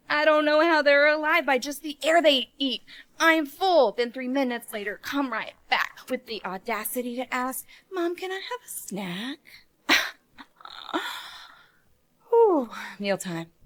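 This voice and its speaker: Mom in her 30s venting, sarcastic and done with it, higher voice. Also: a bit bright. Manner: sarcastic, exasperated. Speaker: mom comedian. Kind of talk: comedic monologue.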